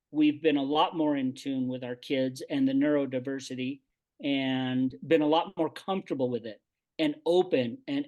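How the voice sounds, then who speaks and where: A middle-aged man with a slightly raised pitch talks in a relaxed group conversation. He thinks out loud, circling back and restarting his sentences. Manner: reflective, rambling with restarts. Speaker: podcast co-host. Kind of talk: casual group discussion.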